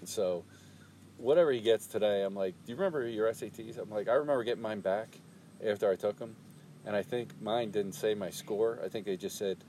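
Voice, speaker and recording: A man's voice: fairly low pitch, fairly quick, dark tone, a little hiss or hum. A man in his fifties in casual chat, laid-back, laughing often and trailing into asides.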